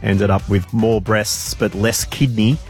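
A man with an Australian accent, co-hosting a casual breakfast radio show, playful and quick to laugh. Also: on the low side, slightly rough, faint music behind. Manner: laughs often, playful and animated. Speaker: radio co-host.

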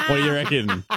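A man co-hosting a radio show, laughing through drawn-out banter. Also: medium pitch, heavy background noise.

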